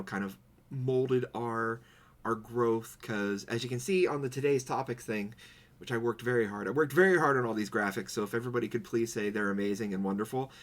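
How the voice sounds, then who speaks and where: A man co-hosting a podcast in casual chat, telling stories with goofy put-on quotes. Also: medium pitch. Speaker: podcast co-host. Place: home streaming setup.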